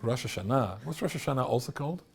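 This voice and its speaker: Lively intonation, a quick pace and a creaky mid-range voice mark this middle-aged rabbi as he spins wry, self-deprecating stories, regularly laughing at his own humor.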